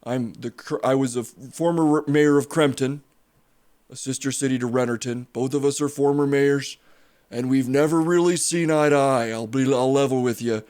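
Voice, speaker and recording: A man voicing a pompous former small-town mayor who talks in a measured, debate-minded way. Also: medium pitch, steady tone, a little mellow, natural voice. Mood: earnest. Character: prim self-styled reasonable male ex-mayor.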